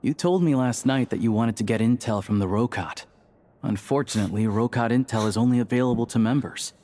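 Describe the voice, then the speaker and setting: An actor playing a calm, discreet young man of a secret society in a video game, explaining things in a measured way. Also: mid-range voice, a little hiss or hum, natural voice.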